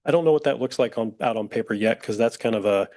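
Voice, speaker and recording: A man with a raspy, allergy-hoarse voice, explaining college budget figures at a committee meeting. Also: mid-range voice, fast talker, darkish tone. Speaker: college budget staff presenter. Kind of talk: meeting presentation.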